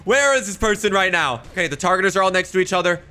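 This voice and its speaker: A man's voice: expressive, very fast, noisy background. A young man doing playful, hyped gameplay commentary as a gaming video host. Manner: hyped, playful, big jumps in pitch. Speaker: gaming YouTuber.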